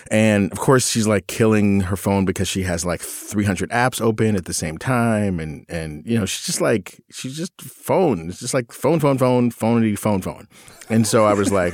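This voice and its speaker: A middle-aged man with a low voice tells a story on his podcast in a loose, self-mocking way, often laughing at himself. The sound is dry and close. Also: normal speed, no echo. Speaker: podcast co-host. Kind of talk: casual storytelling chat.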